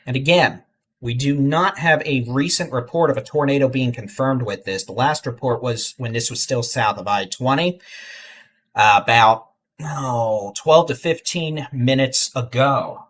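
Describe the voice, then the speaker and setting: A middle-aged man, hosting live severe weather coverage in a relaxed, folksy way with urgent safety warnings. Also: mid-range voice, measured pace. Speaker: weather livestream host.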